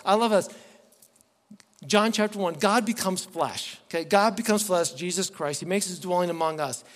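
A man preaching a sermon to his church, animated, moving between loud emphatic lines and soft quiet ones. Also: high voice. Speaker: pastor. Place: church sanctuary. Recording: long hall reverb.

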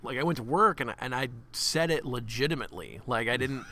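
A man's voice: medium pitch, brisk, pushed and bright, a little hiss or hum. A young man co-hosting a podcast in a rambling, jokey casual chat, laughing often. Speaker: podcast co-host.

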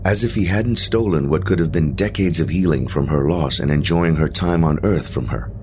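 A man's voice: a bass voice, moderate pace, noisy background. A man narrating a first-person horror story in an emotional, intense way.

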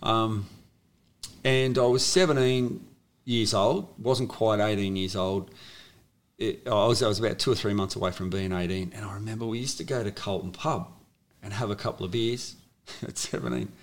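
An Australian man in his fifties talks casually about his past. His low, gravelly voice wanders through stories with plenty of restarts and fillers. He sounds like a former sportsman chatting easily. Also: normal speed. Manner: rambling, with many restarts and fillers. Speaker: guest, former rugby league player. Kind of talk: casual storytelling interview.

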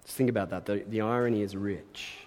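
A man's voice: lowish voice, steady tone, quick pace, a little mellow. Man, pastor preaching a sermon, earnest, conversational, emphatic bursts, long hall reverb.

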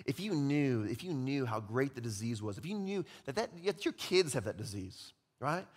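A young adult male pastor preaching a sermon, animated, acting out quoted voices and dropping to quiet emphasis. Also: medium pitch. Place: church sanctuary. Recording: long hall reverb.

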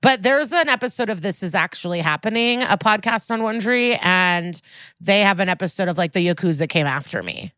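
A woman's voice: mid-range voice, expressive, brisk, fairly bright tone, dry recording, studio quality. A woman co-hosting a podcast in casual chat, talkative and self-deprecating, often trailing off mid-sentence. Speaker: podcast co-host.

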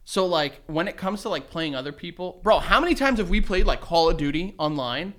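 A man co-hosting a podcast in casual chat, telling lively stories, acting out quotes and laughing often. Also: a little high, brisk. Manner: animated storyteller who acts out quotes and laughs often. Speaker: podcast co-host.

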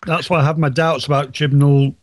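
A man in casual podcast chat, skeptical and measured. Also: on the high side, little pitch movement, no room sound. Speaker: podcast co-host.

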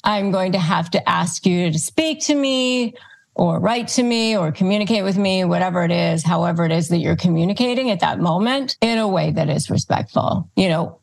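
A woman giving calm, step-by-step advice as a guest expert, speaking in a steady, instructive way. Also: mid-range voice, gravelly. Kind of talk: advice talk, listing tips.

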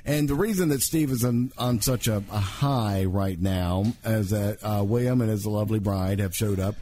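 A man's voice: lowish voice, moderate pace, mellow, a little hiss or hum. A man hosting a comedic podcast, talking in a dry, teasing way. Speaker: podcast host.

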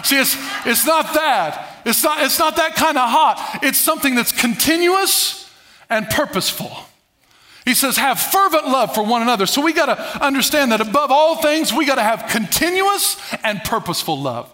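A male pastor preaching a sermon, calling on the congregation to repeat words and swinging between loud bursts and low muttered asides. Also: very animated, normal speed. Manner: preaches with call-and-response to the congregation.

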